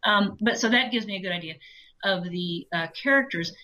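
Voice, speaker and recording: A woman audiobook narrator talking casually as an interview guest, telling animated stories with laughs. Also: medium pitch, fairly quick, rough recording. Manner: chatty, animated storytelling with laughs.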